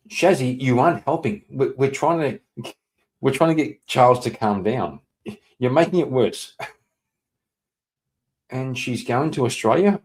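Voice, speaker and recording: A man streaming live, chatting casually and reading out viewer messages. He rambles, swears, laughs often and breaks into sudden loud, excited outbursts. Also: medium pitch, a little slow, pauses often. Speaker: livestreamer.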